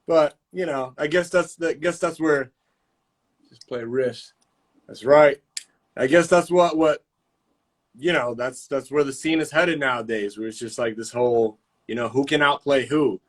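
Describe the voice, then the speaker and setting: A man's voice: medium pitch, normal speed. A man hosting a casual live-stream chat, telling stories in heavy slang with constant swearing. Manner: profane, animated storytelling with slang.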